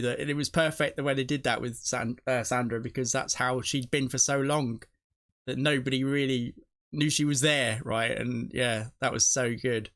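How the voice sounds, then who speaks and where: A man's voice: mid-range voice, a bit bright. A man hosting a TV reaction video, talking casually and emotionally as he thinks aloud, often restarting his sentences. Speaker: TV reaction channel host.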